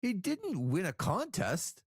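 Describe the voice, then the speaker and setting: A man co-hosting a casual podcast review, lively and incredulous in quick bursts. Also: high-pitched, husky, no room sound, studio quality. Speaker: podcast co-host.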